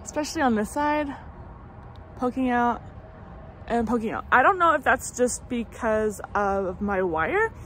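Chatting casually in a vlog update, an American woman in her thirties rambles through fillers and restarts from her home in summer as traffic goes by outside. Her voice is a little high, bright and expressive, at a measured pace, with slight hiss or hum.

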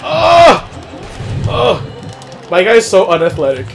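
Young male gamer, high lively voice, slow drawn-out hype shouts, game music behind. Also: a faint crowd. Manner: hyped, loud exclamations and cursing. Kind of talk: excited co-op gameplay chatter. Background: wrestling game music.

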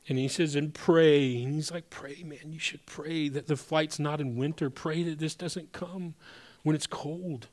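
A male pastor giving a conversational sermon to his congregation, swinging between emphatic rises and hushed, soft drops. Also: medium pitch. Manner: addresses congregation as brothers and sisters.

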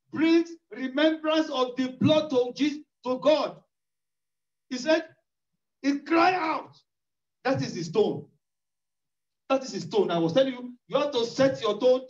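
High-voiced man preaching, echoey and distant. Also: measured pace, long pauses. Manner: emphatic, repetitive preaching with rising cries. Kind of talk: sermon. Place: church hall. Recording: echoey distant lo-fi church recording.

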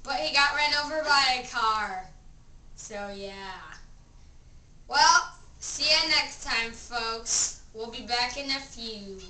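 A woman's voice: a little high, takes it slowly, sharp tone, roomy sound, far from the mic. A woman hosting a pretend talk show in a home video skit, announcing in a playful, exaggerated way.

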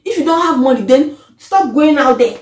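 A woman, vlogging an animated, exasperated rant to camera that often trails off. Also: high-pitched, normal speed. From Africa. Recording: echoey room.

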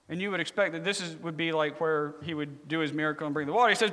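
A man's voice: on the high side, fast talker, hardly any pauses, pushed and bright. A man preaching a sermon in a joking, conversational way, telling stories in a large church hall. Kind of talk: humorous sermon storytelling.

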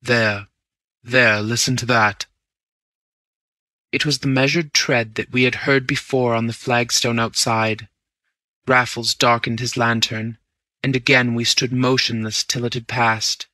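A man narrating a story in the first person, reading in a steady, measured way. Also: medium pitch, no echo. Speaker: audiobook narrator.

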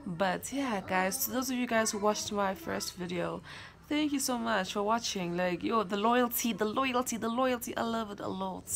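A woman's voice: medium pitch, normal speed, creaky. A young South African woman vlogging casually from home, playful and chatty, slipping Zulu words into her English. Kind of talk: casual selfie vlog. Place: at home, in bed.

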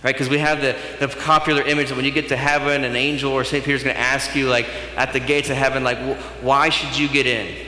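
A male pastor giving a sermon, in a conversational and animated way. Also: mid-range voice, fast, few pauses, a little hiss or hum. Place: church sanctuary. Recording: echoey church hall.

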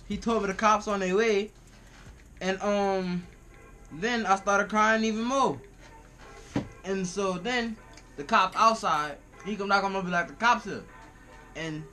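Bright high-voiced young man telling a story. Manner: laughing often, relaxed slangy retelling. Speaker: vlogger. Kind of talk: casual storytelling.

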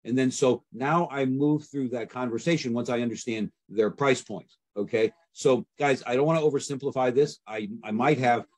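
Husky man coaching on sales calls. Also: medium pitch, moderate pace, few pauses, darkish tone. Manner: conversational, acts out sales calls with repeated fillers. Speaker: real estate sales coach. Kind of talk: instructional talk.

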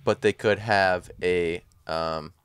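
A man's voice: low-pitched, fairly even intonation, slow, clear, resonant tone, dry recording, clean studio sound. A man co-hosting a casual podcast chat, thinking aloud in rambling sentences full of fillers. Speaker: podcast co-host.

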